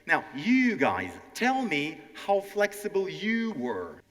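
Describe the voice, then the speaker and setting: A man's voice: sits high, wildly swooping pitch, takes it slowly, fairly bright tone. A man with a Ukrainian accent hosting a stand-up style language lesson, addressing a live audience directly and acting out nervous learners. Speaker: language teacher and show host. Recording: hall reverb.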